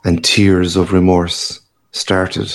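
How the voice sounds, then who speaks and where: A man reading a literary story aloud in a measured, grave manner. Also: low voice, monotone. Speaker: narrator. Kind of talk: audiobook reading.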